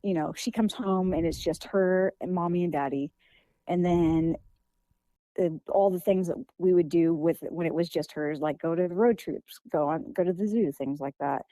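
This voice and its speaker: A woman's voice: fairly low pitch, moderate pace, mellow, dry recording, rough recording. A young woman, a children's author, answering interview questions in a casual, hesitant way with many fillers and restarts. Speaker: guest author.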